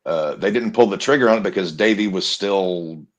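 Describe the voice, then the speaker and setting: A man's voice: low voice, normal speed. A man co-hosting a casual chat, delivering blunt opinions. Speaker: podcast co-host.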